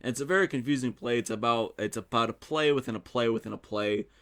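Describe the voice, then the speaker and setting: A young man hosting a solo podcast, telling stories in a casual, animated way with some swearing. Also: medium pitch, quick pace. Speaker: podcast host. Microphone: studio mic.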